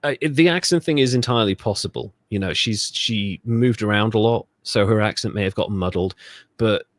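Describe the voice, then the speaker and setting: A man's voice: fairly low pitch, brisk, no room sound, studio quality. A man from Britain co-hosting a history podcast, telling the story in a sardonic, profane, rambling way. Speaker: podcast co-host. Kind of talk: casual podcast chat.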